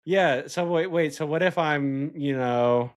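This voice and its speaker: A man's voice: on the high side, a little slow, slight background noise. A man co-hosting a casual chat, joking and playful. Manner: joking, playful, bursts into mock voices. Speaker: podcast co-host.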